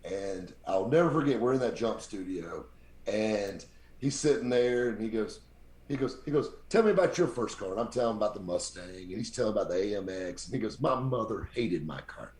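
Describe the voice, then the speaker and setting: A man with a very deep voice, telling lively stories as a podcast guest and acting out the people he quotes. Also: a little fast. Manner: animated anecdote-teller, acts out quoted people. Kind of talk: casual storytelling. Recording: roomy echo.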